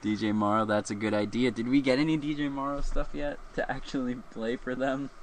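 A man's voice: medium pitch, little pitch movement, brisk, slight background noise. A man from the Philadelphia area hosting a casual live show, rambling and joking with frequent laughs. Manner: rambling, jokey, laughs often. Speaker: host.

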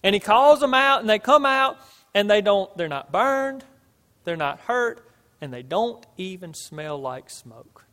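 A man preaching a sermon and reading scripture aloud, emphatic, swinging between loud and quiet. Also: sits high, very animated, measured pace. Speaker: pastor. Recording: long hall reverb.

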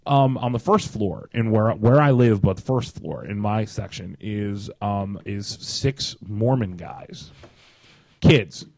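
Animated laughing podcast host, man. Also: fairly low pitch, slow pace, vocal fry, no room sound. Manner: animated storyteller, laughs often. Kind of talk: casual chat.

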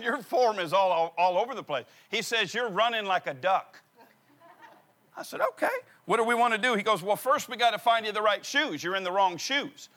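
A middle-aged pastor tells a funny personal story in a sermon, humorously acting out the dialogue. His voice is high, pushed, and bright.

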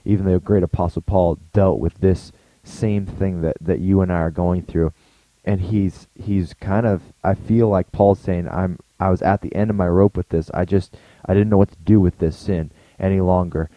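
A man's voice: low-pitched, steady tone, normal speed, dry recording, dull audio. A man giving a short, earnest daily devotional talk as a pastor, speaking conversationally and often restarting his sentences.

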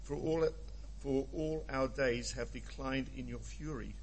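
A man in his seventies reading scripture aloud, halting and apologetic. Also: medium pitch, rough recording. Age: 70s. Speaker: scripture reader.

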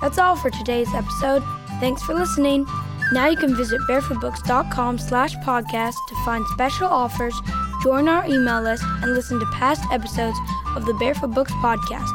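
A woman host reading a bright, upbeat scripted podcast outro. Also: high voice, moderate pace. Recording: loud music bed under voice.

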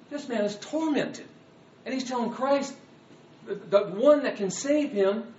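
A man preaching a sermon, animated, moving between hushed asides and loud dramatic readings. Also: sits high, moderate pace. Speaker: pastor. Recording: echoey room, distant mic, dull sound.

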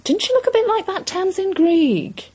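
A woman's voice: very high-pitched, sing-song, normal speed, dark tone, pitched above the performer's own voice. A woman reading a story aloud, putting on a gossipy old man in a pub who teases in slang. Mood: grumbling. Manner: teasing, slangy.

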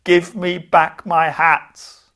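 A man voicing a grown male hat seller who shouts, pleads and turns brisk and fed up. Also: a little high. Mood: angry shouting.

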